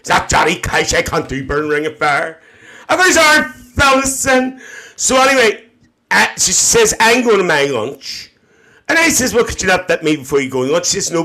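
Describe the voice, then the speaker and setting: A man's voice: on the high side, sing-song, moderate pace, sharp tone, pitched above the performer's own voice. A man performing a brash, gossiping older Northern Irish auntie with a Northern Irish accent, telling rambling stories on a comedy livestream. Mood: gossipy. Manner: rambling anecdotes with frequent "dear" and "uh-huh". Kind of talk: character comedy monologue on a livestream.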